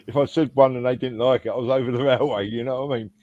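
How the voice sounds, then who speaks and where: A man's voice: medium pitch, fairly even intonation, rapid-fire, a little mellow, dry recording. A man on a fan podcast panel, telling a rambling story in casual chat with frequent restarts. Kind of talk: casual anecdote. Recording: dull lo-fi sound.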